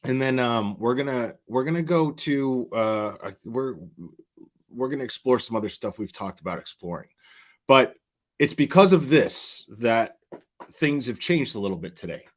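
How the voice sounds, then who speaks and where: A man's voice: mid-range voice, lively intonation, moderate pace. A man hosting a livestream in casual chat, rambling and chatty, often restarting his sentences. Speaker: livestream host.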